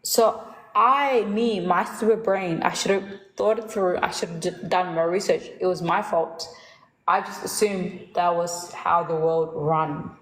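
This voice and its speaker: Woman chatting, animated storytelling, laughs at herself, echoey room. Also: on the low side, measured pace. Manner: animated, laughs at herself, acts out quoted voices. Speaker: host. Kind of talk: casual storytelling chat.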